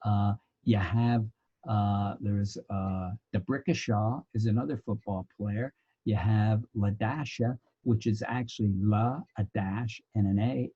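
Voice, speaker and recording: Man, sociology lecture, animated storyteller, mellow husky voice, lo-fi sound. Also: lowish voice, slow. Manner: animated storyteller, bursts into loud laughter. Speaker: sociology instructor. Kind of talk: lecture with anecdotes.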